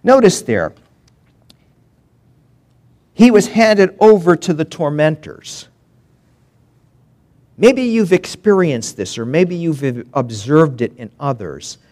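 A man preaching a sermon, reading scripture verses and explaining them to his congregation. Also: fairly high pitch. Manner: animated preaching with long pauses, reading scripture aloud. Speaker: pastor.

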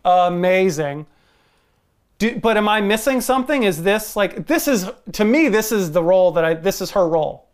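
A podcast co-host chats about a film, hesitating and second-guessing at times. The co-host also makes playful, insistent claims. The voice sits in a mid-range pitch. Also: expressive, normal speed, smooth. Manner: hesitant, self-questioning, then playfully insistent. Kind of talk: casual movie-discussion chat.

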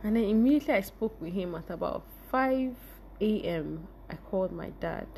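Young woman, vlogger, emotional personal storytelling, animated delivery, mid pitch. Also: moderate pace, a little hiss or hum. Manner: emotional, animated, addresses viewers directly.

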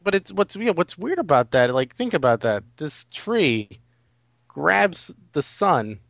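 A man's voice: on the high side, sing-song, a little slow, creaky, fairly bright tone, no echo, highs cut off. Rambling man on a movie podcast. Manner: rambling, heavy on "like" and "you know". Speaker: podcast co-host. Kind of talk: casual movie discussion.

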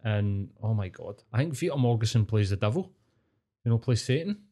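A man's voice: lowish voice, fairly quick. A young man with a Scottish accent, co-hosting a podcast in casual, rambling chat and swearing freely. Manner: swears a lot, rambling and animated. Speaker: podcast co-host.

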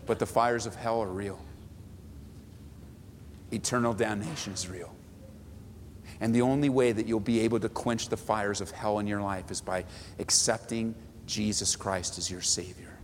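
A man preaching a sermon as pastor, animated and dramatic, acting out prayers with big swings in pitch and loudness. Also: big-room sound, slight background noise.

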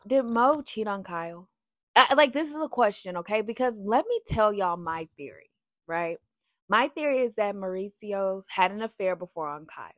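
Here a woman with a medium-pitched voice gives her viewers a chatty, opinionated rundown of a reality show, addressing them as y'all. She sounds animated and sassy, sometimes slipping into song. The recording is dry, with a clean studio quality.

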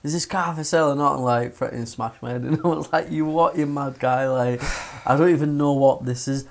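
A man's voice: mid-range voice, brisk, creaky, slight background noise. A young man, co-hosting a casual chat and swearing and laughing as he tells a story. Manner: animated, sweary, laughs a lot while telling stories. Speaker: podcast co-host.

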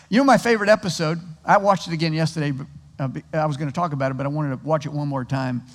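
A male pastor giving a sermon, telling stories in a conversational, animated way with frequent restarts. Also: fairly high pitch, fast talker, in a large hall.

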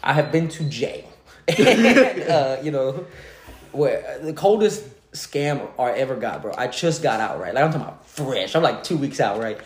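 A man's voice: medium pitch, animated, moderate pace, roomy sound. A man in his late twenties telling a story in casual slang, laughing often as he talks. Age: late 20s.

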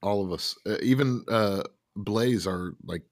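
A man's voice: on the low side, measured pace, no echo, studio quality. A man co-hosting a podcast, telling a rambling story in a laid-back, casual way with casual swearing. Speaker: podcast co-host.

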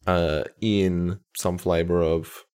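A man's voice: deep voice, flat delivery, takes it slowly, a little mellow, smooth. A man co-hosting a podcast, chatting casually in a rambling, hedging way with the odd swear word. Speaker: podcast co-host. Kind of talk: casual chat.

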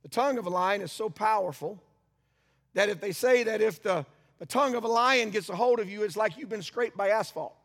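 High, gravelly preacher in a reverberant church. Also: male voice, a bit bright. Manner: reads scripture slowly and emphatically, then speaks conversationally with asides. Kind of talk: sermon with scripture reading.

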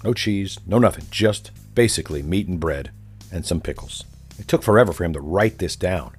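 A man's voice: low-pitched, animated, moderate pace, faint music behind. A man delivering a sarcastic, ranting monologue, telling a story as a commentator.

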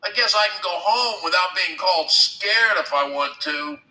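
A man's voice: high voice, expressive, moderate pace, pushed and bright, roomy sound, pitched above the performer's own voice, heavily acted, rough recording. A man voicing an uneasy boy who talks in a sulky, defensive way. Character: uneasy boy going along with his friend.

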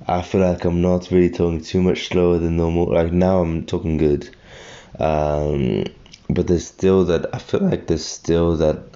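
A man's voice: deep voice, gravelly, mellow, lo-fi sound. A young man just out of bed, rambling and correcting himself in a casual solo podcast. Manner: rambling, self-correcting, thinking aloud. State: just woken up, tired.

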